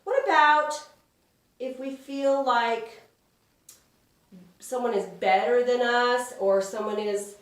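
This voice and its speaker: A woman's voice: a little high, fairly even intonation, far from the mic. Woman teaching kids in an echoey church. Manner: gentle, slow, speaks simply to children and asks them questions. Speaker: children's Sabbath school teacher. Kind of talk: children's lesson.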